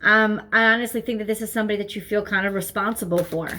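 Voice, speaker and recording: A woman's voice: mid-range voice, steady tone, fast, pushed and bright, slight background noise. A woman giving a tarot reading at home, talking earnestly and repeating herself as she thinks aloud. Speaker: tarot reader. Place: home, seated at desk with her dog nearby.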